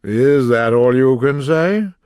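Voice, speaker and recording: A man doing a sharp, bossy storybook king. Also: medium pitch, lively intonation, takes it slowly, clear, resonant tone, no echo, studio quality. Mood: stern. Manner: sharp, commanding. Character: bossy, impatient male king.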